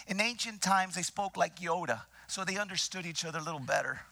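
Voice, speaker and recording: A man preaching a sermon with dramatic, deliberate delivery, repeating phrases and dropping into whispers for emphasis. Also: sits high, pushed and bright. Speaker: pastor.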